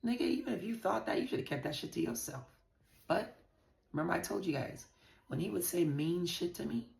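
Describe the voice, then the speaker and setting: A woman's voice: sits low, vocal fry, echoey room. A woman from the Virgin Islands speaking frankly and profanely to her viewers while telling a personal story. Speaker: vlogger. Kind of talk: candid personal storytelling to camera.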